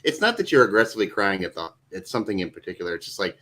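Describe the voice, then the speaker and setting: A man chats casually on a podcast with a laid-back delivery. His voice is very deep, and his thoughts tend to trail off. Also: big pitch swings, racing, sharp tone. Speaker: podcast co-host. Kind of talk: casual chat.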